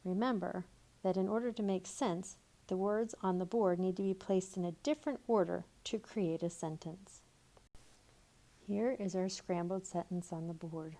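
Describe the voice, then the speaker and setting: A woman teaching a recorded grammar lesson, reading example sentences slowly and deliberately. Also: on the low side, fairly even intonation, warm tone. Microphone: tablet microphone.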